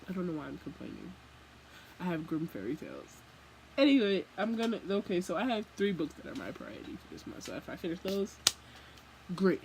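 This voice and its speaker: A young woman vlogging casually from home, rambling and animated as she jumps from thought to thought. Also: lowish voice, a little hiss or hum, rough recording. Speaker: book vlogger. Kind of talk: casual chat.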